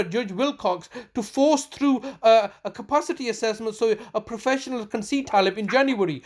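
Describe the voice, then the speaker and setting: Woman, high voice, agitated, accusatory, insistent, phone call. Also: darkish tone. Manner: accusatory, insistent, repeats herself with restarts. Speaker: family member confronting a council official. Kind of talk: heated recorded phone call.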